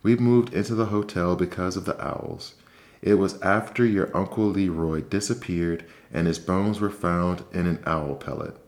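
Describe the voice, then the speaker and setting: A man voicing an anxious, fussing mother mouse in a soft-spoken ASMR bedtime story reading, with a fretful, pleading manner. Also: sits low, steady tone, moderate pace, lightly acted.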